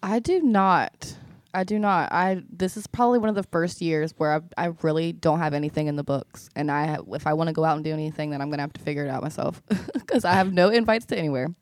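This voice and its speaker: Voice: medium pitch, fast talker, no echo. A podcast producer chatting casually, mostly giving short agreeing replies. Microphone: studio mic.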